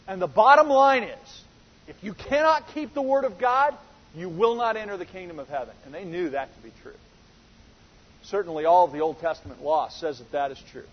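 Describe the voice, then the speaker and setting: Husky-voiced man preaching a sermon. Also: sits high, animated, a little fast, dull audio. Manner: earnest, building to emphatic quoted exchanges. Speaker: pastor.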